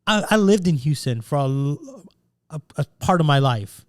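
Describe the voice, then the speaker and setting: A man's voice: a little high, lively intonation, moderate pace, no room sound, studio quality. A man co-hosting a casual podcast chat, talking emphatically with plenty of swearing and restarts. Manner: emphatic, swears freely, repeats words when starting sentences. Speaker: podcast co-host.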